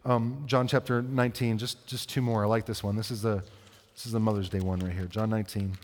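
A man preaching a sermon, reading scripture and explaining it in a conversational way, asking the listeners questions and slowing down for the verses. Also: fairly low pitch, steady tone. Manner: conversational, asks the congregation questions. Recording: long hall reverb.

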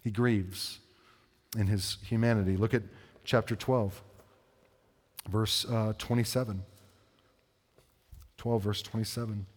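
A man preaching a sermon, reading scripture and explaining it in a conversational way, asking the listeners questions and slowing down for the verses. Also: lowish voice, fairly even intonation, slightly rough. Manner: conversational, asks the congregation questions. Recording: long hall reverb.

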